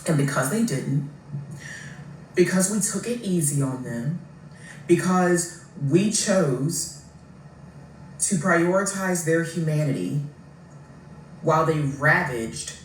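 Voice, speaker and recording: A blunt, profane political commentator works through an argument one step at a time. The voice sits at a middle pitch. The sound is set back from the mic in an echoey room, with a faint hum underneath. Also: measured pace, pauses often, recorded from a distance.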